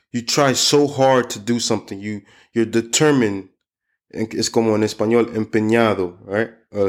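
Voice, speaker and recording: A man teaching English in a loose, chatty way, slowing down to model how word endings sound. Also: fairly low pitch, a little mellow. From United States. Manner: loose and chatty, lots of "you know" and "like". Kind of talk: casual spoken lesson.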